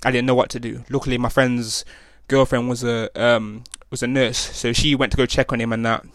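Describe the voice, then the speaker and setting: A man's voice: medium pitch, little pitch movement, a little fast, fairly bright tone, no echo, clean studio sound. A young man, hosting a podcast and telling a rambling story in slang, full of restarts and tag questions. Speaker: podcast host. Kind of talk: casual storytelling monologue.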